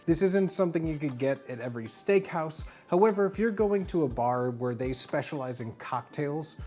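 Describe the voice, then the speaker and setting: A streamer plays a bartender for laughs, rambling and playful, with plenty of fillers. The pitch sits in the middle range. Soft music runs quietly underneath. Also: lively intonation, normal speed. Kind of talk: comedic livestream bartending bit. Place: home streaming setup.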